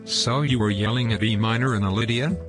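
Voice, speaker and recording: A man's voice: medium pitch, fairly quick, lightly acted. A man voicing a moralizing young male character who lectures his friend and reproaches him. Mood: scolding. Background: music.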